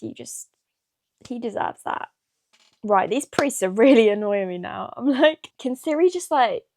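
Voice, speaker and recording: A woman vlogging her reactions to a novel, chatty and excitable, gasping and exclaiming, full of "like" and "what the hell". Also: fairly high pitch, no room sound, studio quality. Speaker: book vlogger. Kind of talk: casual reading-reaction vlog.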